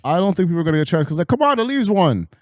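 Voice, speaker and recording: A man co-hosting a podcast, making emphatic, drawn-out points in casual sports banter. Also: high-pitched, very animated, dry recording, studio quality. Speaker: podcast co-host.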